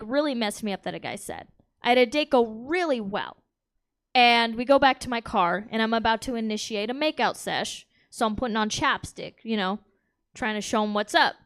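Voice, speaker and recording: A woman works a comedy club crowd from the stage with a bawdy, brash stand-up set, chuckling along at her own jokes. Her voice sits a little high and comes through smooth and clear on the stage mic. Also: expressive, normal speed, fairly bright tone. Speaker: stand-up comic.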